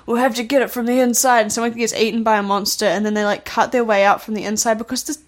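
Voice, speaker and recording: A woman co-hosting a podcast in casual chat, ranting in an animated, exasperated way and swearing now and then. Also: fairly high pitch, fast talker. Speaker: podcast co-host.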